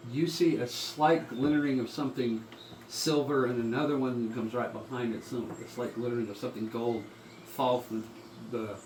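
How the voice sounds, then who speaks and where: A man running a tabletop game, with relaxed narration full of small pauses. He sounds far from the mic in an echoey room, with steady loud noise behind him. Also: mid-range voice. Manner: relaxed, halting narration with frequent ums. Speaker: game master.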